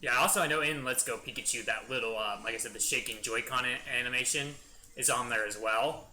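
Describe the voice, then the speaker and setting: A young man narrates a gameplay session in casual, rambling commentary. His voice is very bright and sharp at a mid pitch, and he talks with eager enthusiasm. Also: fast talker. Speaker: gaming channel host. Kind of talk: let's play commentary.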